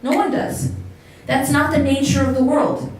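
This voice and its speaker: A woman's voice: sits high, fairly even intonation, normal speed. Woman lecturing in an echoey hall. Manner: conversational, asks the audience questions. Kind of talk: religious lecture to a live audience. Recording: echoey hall, voice from far off, faint noise.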